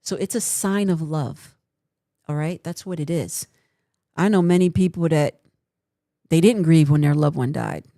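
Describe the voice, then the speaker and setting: A woman's voice: low-pitched, unhurried, long pauses, mellow, dry recording, clean studio sound. A woman hosting a livestream, giving earnest, encouraging counseling advice in casual talk and often checking in with "right?".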